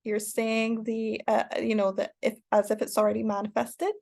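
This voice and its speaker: A woman talking through an online lesson in a loose, rambling way, full of fillers and restarts. Her voice sits a little high and carries a gravelly fry. Now and then she breaks into excited cheering. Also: moderate pace. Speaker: online course teacher. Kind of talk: casual spoken lesson.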